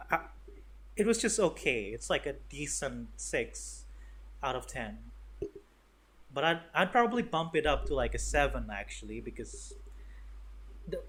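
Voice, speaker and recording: A man's voice: mid-range voice, fairly bright tone. A young man giving a casual, rambling movie review, swearing often and full of fillers and restarts. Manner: rambling, profane, sarcastic, lots of fillers and restarts.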